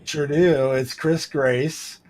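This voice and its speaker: A man's voice: fairly high pitch, fairly even intonation, slow, a little mellow, low-quality recording. A man co-hosting a live show, talking casually and loosely, with many ums and restarts as he thanks and appeals to listeners. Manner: rambling with many fillers and restarts. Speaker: podcast co-host. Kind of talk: casual livestream chat.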